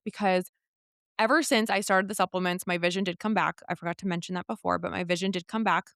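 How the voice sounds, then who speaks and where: A woman's voice: fairly low pitch, quick pace, no echo, studio quality. Candid young woman telling her story. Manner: candid, animated retelling with quoted dialogue. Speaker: podcast guest. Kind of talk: casual storytelling conversation.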